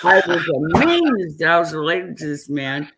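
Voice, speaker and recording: A woman's voice: low voice, very animated, moderate pace, slight background noise. A middle-aged woman, tipsy and tired, telling rambling family stories in a casual late-night chat. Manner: rambling storyteller, chatty and warm with the family. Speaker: guest on a live stream.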